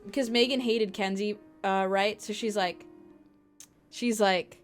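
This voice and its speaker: A young woman streamer telling stories in casual chat, animated and profane, acting out the people she quotes. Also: medium pitch, measured pace, soft background music.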